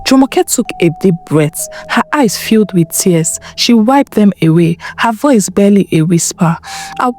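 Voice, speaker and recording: A woman narrating a story in an emotive, expressive way. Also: medium pitch, moderate pace, few pauses, soft background music.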